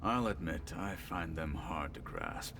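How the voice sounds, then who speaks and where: A man's voice: very deep voice, a little slow, vocal fry, background noise, full character voice. An actor playing a stern, grave male tribal warrior in a video game, speaking in a formal, solemn, clipped way. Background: game music.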